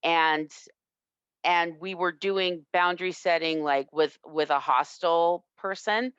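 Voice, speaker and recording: Low, slow-talking woman instructor. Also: a bit bright, smooth, dry recording. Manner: reflective, earnest, halting. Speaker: self-defense instructor. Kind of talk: interview answer, personal story. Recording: dull lo-fi, dry sound.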